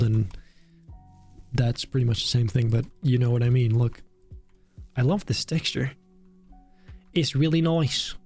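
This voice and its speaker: A man's voice: medium pitch, darkish tone. Chatty British man streaming a build. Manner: chatty and self-mocking, thinking aloud. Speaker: streamer building a theme park. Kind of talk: casual live-stream commentary. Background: faint background music.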